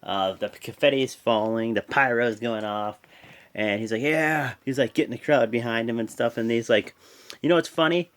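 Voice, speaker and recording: Male vlog host, mid-pitch, animated and rambling, lots of "uh" and restarts. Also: brisk, clear, resonant tone. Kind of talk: casual wrestling show recap.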